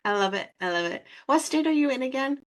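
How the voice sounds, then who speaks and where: A woman's voice: high voice, animated, quick pace. A woman with a Minnesota accent hosting a podcast interview in easy, chatty conversation, laughing often. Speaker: podcast host. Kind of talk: casual interview chat.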